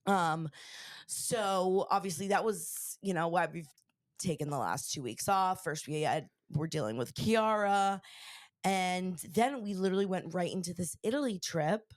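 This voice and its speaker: A woman's voice: fairly low pitch, expressive, unhurried, no echo, studio quality. A young woman hosting a podcast in casual chat, rambling with many fillers while her voice recovers from being lost. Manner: chatty, rambling, lots of fillers. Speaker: podcast host.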